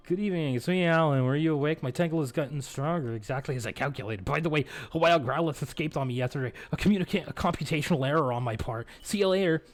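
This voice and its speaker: A man reading out a young male trainer's phone call from a game, a touch higher than his normal speech. The delivery is mock-earnest and lightly played, close to an everyday voice. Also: fast, soft background music, lightly acted.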